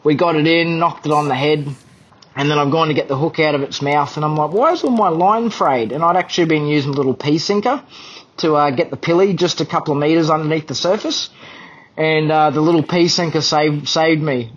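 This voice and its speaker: Man spinning a lively fishing yarn. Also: on the high side, fairly quick, muffled recording. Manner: animated yarn-telling with self-deprecating laughs. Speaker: podcast guest. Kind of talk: casual storytelling.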